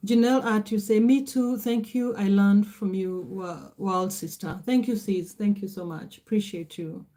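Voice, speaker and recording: A middle-aged Kenyan-accented woman hosts a casual livestream. She talks straight into her phone or webcam, reading viewer comments aloud and greeting each viewer by name, in a mellow, soft-toned voice at a medium pitch. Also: fairly even intonation, normal speed. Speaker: livestream host.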